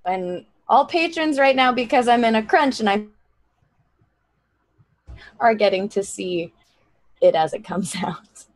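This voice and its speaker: A woman who writes books, a player on a live role-play stream, chatting casually in a modest, soft-spoken way. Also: on the high side, animated, a little slow, long pauses, no echo. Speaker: author and player. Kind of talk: casual chat.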